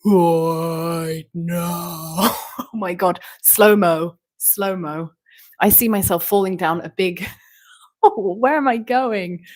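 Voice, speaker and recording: A woman's voice: medium pitch, unhurried. A woman vlogger rambling in a stream-of-consciousness monologue, meandering with fillers and rhetorical questions.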